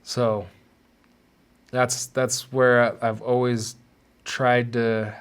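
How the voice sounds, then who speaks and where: A male podcast host talking through his past in a confessional monologue. He pauses and restarts often, and he doubles words as he gathers his thoughts. His voice sits at an ordinary male pitch. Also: little pitch movement, smooth. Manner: halting, repeats words while searching for them.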